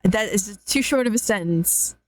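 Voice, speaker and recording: A woman doing a gruff New York goon henchman. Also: medium pitch, moderate pace, dry recording, close to an everyday voice. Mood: tough. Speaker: streamer.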